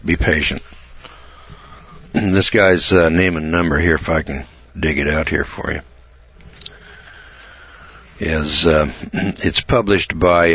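An American man hosting a talk radio show, rambling and emphatic in a folksy way, often clearing his throat. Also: very deep voice, moderate pace, a bit bright, no room sound, lo-fi sound.

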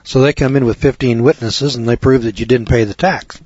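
A man's voice: mid-range voice, brisk, darkish tone, breathy edge, no room sound. A man lecturing to students in a folksy way, piling up rhetorical questions and repeating them for effect. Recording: dull lo-fi recording.

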